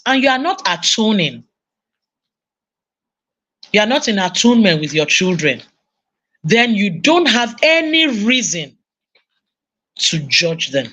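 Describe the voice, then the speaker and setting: Nigerian woman preacher, lively storyteller, parenting sermon. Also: medium pitch. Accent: Nigerian English. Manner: animated storytelling, acting out voices. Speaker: conference speaker. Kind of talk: sermon-style parenting talk.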